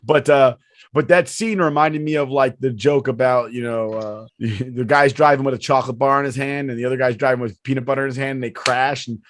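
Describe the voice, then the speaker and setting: A man in a middle pitch, chatting loosely on a podcast, swearing freely and laughing along with his own stories. His voice is recorded up close and dry, with no room sound around it. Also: steady tone, a little fast, dry recording. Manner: rambling, profane, laughs often. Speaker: podcast host. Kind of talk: casual podcast chat.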